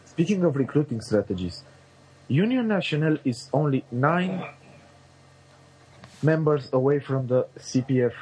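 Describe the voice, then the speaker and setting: A man's voice: mid-range voice, expressive, normal speed, long pauses, a little mellow, breathy edge, rough recording. A man co-hosting a casual chat who cuts in with short, jokey remarks. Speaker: podcast co-host.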